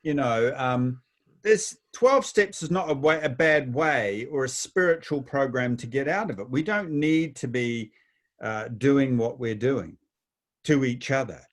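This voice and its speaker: A man's voice: mid-range voice, expressive, measured pace. A man hosting a casual talk, rambling with many restarts and telling anecdotes. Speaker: host. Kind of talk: casual chat.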